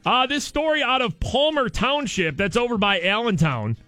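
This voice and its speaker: A man's voice: extremely high pitch, lively intonation, normal speed, bright, forceful tone, faint music behind. A man hosting a radio show from a studio, reading odd news stories in a jokey way and repeating the punchlines.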